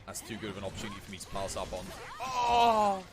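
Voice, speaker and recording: A man's voice: low-pitched, very fast, loud music behind the voice. A man chatting casually with viewers while commentating his own gameplay on a live stream. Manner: chatty, animated, slangy.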